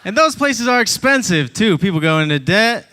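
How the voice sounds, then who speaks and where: A man's voice: high voice, sing-song, moderate pace, bright, forceful tone, slight background noise. A man from Georgia performing a stand-up comedy set on a club stage, wry and conversational, into a handheld mic.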